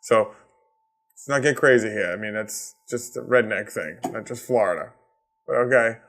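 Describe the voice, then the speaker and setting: A man's voice: fairly low pitch, normal speed, fairly bright tone. A man from Massachusetts with a Boston accent, hosting a solo comedy podcast and ranting with heavy swearing and sarcasm. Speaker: podcast host.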